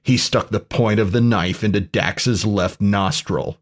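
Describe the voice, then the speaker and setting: Male narrator, deadpan pulp-story reading, low voice, very slow pace. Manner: dry, deadpan.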